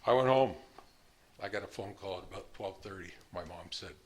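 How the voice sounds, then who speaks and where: A man's voice: deep voice, normal speed, darkish tone. A man in his sixties telling his own story in a blunt, plain-spoken way, now and then laughing at his past. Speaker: speaker sharing his recovery story. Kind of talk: personal storytelling.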